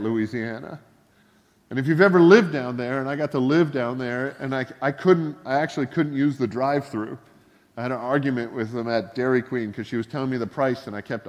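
Animated male preacher in a reverberant hall. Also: medium pitch. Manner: animated storytelling with voiced quotes. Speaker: pastor. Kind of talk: sermon.

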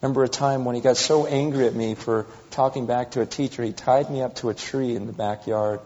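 Guy preaching a sermon, goes loud then quiet telling his story, muffled echoey hall sound. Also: medium pitch, brisk, few pauses. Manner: animated storytelling, swinging from loud to hushed. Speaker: pastor. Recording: dull reverberant hall recording.

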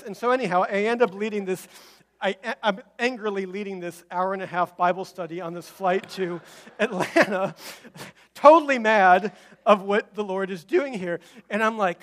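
A man's voice: high-pitched, moderate pace. A male pastor preaching a sermon, telling a personal story and acting out the voices of the people in it, then urging his listeners. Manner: animated storytelling, acts out quoted voices; rising to emphatic exhortation.

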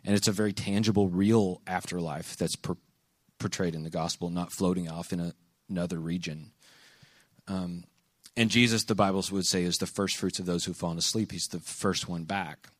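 A man's voice: low voice, fairly even intonation, moderate pace, dry recording, clean studio sound. A man giving a casual, conversational sermon, telling stories animatedly and acting out quoted lines. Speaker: preacher. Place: venue with a live audience.

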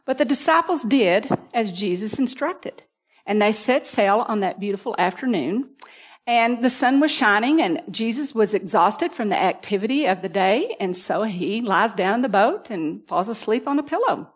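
A woman delivers a sermon at a middle pitch. She reads scripture aloud and retells the story in an earnest, storytelling way. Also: lively intonation, normal speed. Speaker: preacher.

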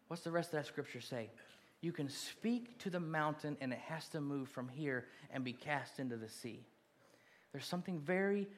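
Man preaching a sermon. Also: fairly high pitch. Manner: preaching, building from soft to loud calls. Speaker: pastor.

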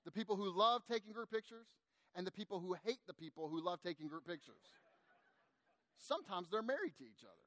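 Speaking straight to his congregation, a middle-aged pastor preaches in a lively, conversational style. He has a high voice and talks a little fast, with no room sound in the recording.

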